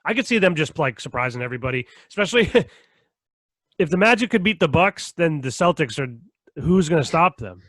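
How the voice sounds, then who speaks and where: Young male podcast co-host, higher pitch, dry close mic, lively profane storyteller. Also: moderate pace, no echo. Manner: animated storytelling, heavy swearing and laughter. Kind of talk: casual chat.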